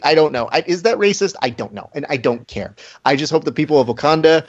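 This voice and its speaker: A fast-talking man with a slightly high voice hosts a casual podcast, joking and riffing on bits with his co-hosts. The sound is lo-fi.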